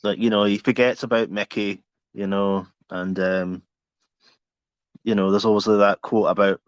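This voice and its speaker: A man's voice: on the low side, fairly even intonation, moderate pace, smooth, no room sound. A man co-hosting a podcast in casual chat, laid-back, with brief remarks and questions. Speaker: podcast co-host. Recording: dry, slightly dull sound.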